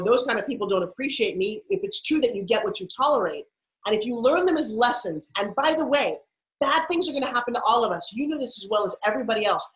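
A woman giving an energetic motivational talk as a podcast guest, emphatic and playful. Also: mid-range voice, reverberant, poor audio. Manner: emphatic, animated, playful asides.

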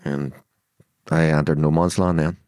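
A man's voice: extremely low pitch, flat delivery, unhurried, darkish tone, dry recording, studio quality. A man in his sixties with a Belfast accent, a podcast guest retelling events bluntly and acting out the dialogue as he goes. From Northern Ireland. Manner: vivid retelling that acts out quoted dialogue; blunt, swears freely. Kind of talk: storytelling interview.

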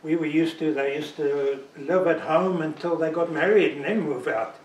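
A man from South Africa leading a church Bible study, talking in a conversational, gently teaching way. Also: on the high side, moderate pace, a little hiss or hum. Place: church room. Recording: echoey room from far off.

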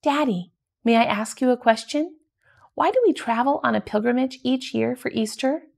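A woman voices the youngest princess of a storybook, a curious, childlike girl. The voice sits higher than the reading voice, with a touch of gravelly fry. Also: normal speed, a little mellow.

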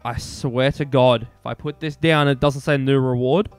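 A man in his twenties doing casual gameplay commentary, excitable, swearing and joking at his own expense. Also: medium pitch, moderate pace, soft background music. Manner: excitable, swearing, self-mocking jokes. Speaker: gaming streamer.

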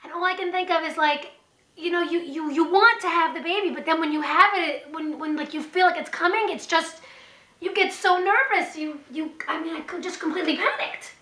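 A woman in her thirties telling her own story in an animated, rambling way, often restarting her sentences. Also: very high voice, a little fast. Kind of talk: personal storytelling to camera. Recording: echoey room.

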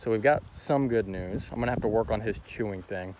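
A man's voice: lowish voice, fairly quick. A man hosting his hunting channel, chatting casually and easily with plenty of fillers while out in a field by water, recorded on a handheld camera. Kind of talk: casual outdoor vlog talk. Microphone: handheld camera mic. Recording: outdoor recording, clear background noise.

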